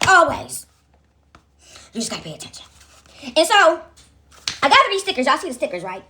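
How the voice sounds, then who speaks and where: A fast-talking woman with a high, bouncing voice tells a home story straight to her viewers. She keeps checking in with them, chats loosely and laughs along as she goes. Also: sing-song, pushed and bright. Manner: chatty, addresses viewers as "y'all", frequent "right?"; laughs often while telling stories. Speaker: vlogger.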